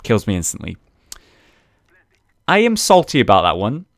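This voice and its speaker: Low-voiced young man commenting on gameplay. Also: huge pitch swings, normal speed, vocal fry, dry recording. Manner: chatty, swears casually, recaps rounds. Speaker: gaming video host.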